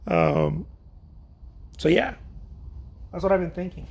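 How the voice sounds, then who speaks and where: A man's voice: sits high, huge pitch swings, takes it slowly, darkish tone, husky. A middle-aged man painting and chatting casually, rambling, joking at his own expense and trailing off mid-thought. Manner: chatty, self-deprecating, laughs often, trails off and restarts. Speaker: painter streaming an art chat.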